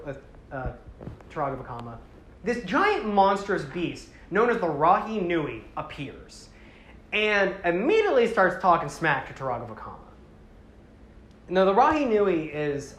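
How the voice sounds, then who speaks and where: A woman giving a rambling, animated casual talk to a live audience, often slipping into character voices. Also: sits low, roomy sound, a little hiss or hum. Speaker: presenter.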